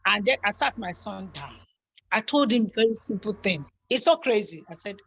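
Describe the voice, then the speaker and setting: A middle-aged woman speaks with a slightly high voice, earnest and animated as she talks about raising her boys. She repeats lines to drive her point home and tells her stories in a conversational way. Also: brisk, breathy edge. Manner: animated, repeats herself for emphasis. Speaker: guest on a talk show.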